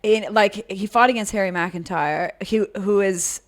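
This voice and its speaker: A woman co-hosting a podcast, telling stories excitedly in casual chat, laughing often and swearing. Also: mid-range voice, measured pace. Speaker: podcast co-host.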